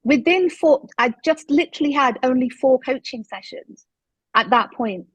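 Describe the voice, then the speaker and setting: A woman, a guest telling her story in an interview, emphatic and lively when she quotes what people said. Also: high-pitched, normal speed, husky, dry recording, poor audio. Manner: animated, emphatic retelling with quoted dialogue.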